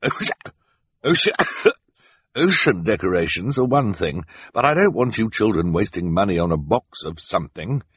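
A man's voice: low-pitched, expressive, normal speed, fairly bright tone, breathy edge, dry recording, exaggerated voice. A man voicing a stuffy, disapproving middle-aged banker who keeps coughing. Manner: stiff, disapproving, coughs often.

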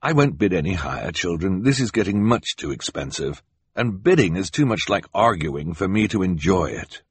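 A man voicing a mild, gentle, reluctant middle-aged gentleman who dislikes arguing. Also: sits low, expressive, moderate pace, breathy edge, no echo.

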